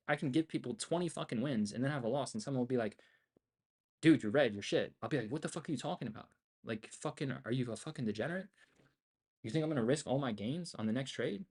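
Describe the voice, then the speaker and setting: A man's voice: medium pitch, a little mellow. A young man ranting at a livestream audience as he trades, heated and profane, talking into a desk mic.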